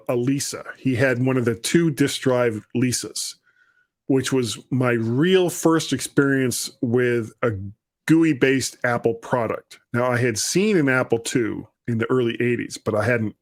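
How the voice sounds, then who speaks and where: A man's voice: medium pitch, measured pace. A man with a London accent hosting a podcast, chatty and self-deprecating in casual talk. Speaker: podcast host. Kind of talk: casual chat.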